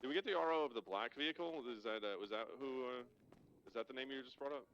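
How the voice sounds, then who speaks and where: A man playing a police officer, giving quick, matter-of-fact radio calls in game roleplay. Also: medium pitch, lo-fi sound, background noise.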